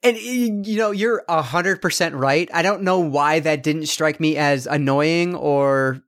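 A man's voice: fairly high pitch, measured pace, a bit bright. A man hosting a podcast, chatting casually about films in a loose, rambling, profane way. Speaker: podcast host. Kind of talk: casual movie review chat.

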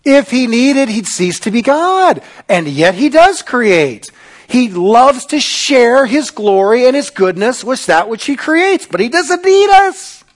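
A male pastor preaching a sermon, dramatic and sarcastic, swinging between loud bursts and hushed asides. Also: very high-pitched, sing-song, slow.

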